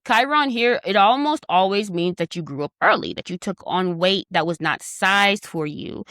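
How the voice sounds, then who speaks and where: A woman's voice: medium pitch, fairly bright tone, dry recording, clean studio sound. A young woman, hosting a casual astrology talk in a chatty, teasing manner with affectionate asides. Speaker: astrology host.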